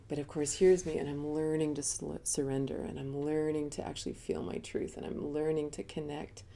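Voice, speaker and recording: A woman's voice: deep voice, vocal fry, dark tone. A middle-aged woman giving a live talk as a spiritual teacher, telling personal stories candidly and chattily, often laughing.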